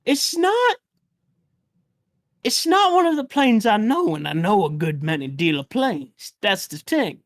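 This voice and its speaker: A woman's voice: mid-range voice, very animated, measured pace, no room sound, studio quality. A woman voicing a rambling old man with a mumbly, jaw-pushed-out voice and a folksy, hesitant way of talking. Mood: musing. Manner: folksy, hesitant, full of uhs and trailing thoughts. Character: rambling old man who sends adventurers off.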